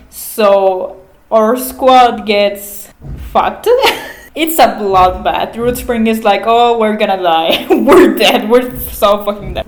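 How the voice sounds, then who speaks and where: A woman casually recapping a book, chatty, laughing often and swearing freely. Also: medium pitch. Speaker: vlogger. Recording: echoey room.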